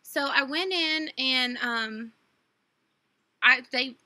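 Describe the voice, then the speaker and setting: A woman's voice: sits high, extremely slow, bright, forceful tone, no echo. A young woman, rambling through a casual unboxing story full of fillers and quoted dialogue. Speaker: vlogger.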